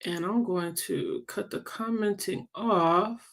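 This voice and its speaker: A woman leading her sales team's meeting in a casual livestream, chatty and teasing as she works through sums out loud. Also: lowish voice, slow pace, creaky. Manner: chatty, teasing, thinks aloud while working sums. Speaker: sales team leader.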